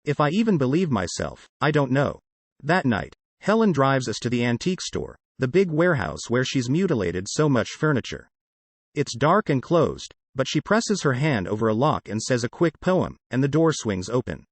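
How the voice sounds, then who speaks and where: A man reading an audiobook in the first person, with expressive delivery. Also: medium pitch, moderate pace, no echo. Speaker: audiobook narrator. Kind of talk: audiobook narration.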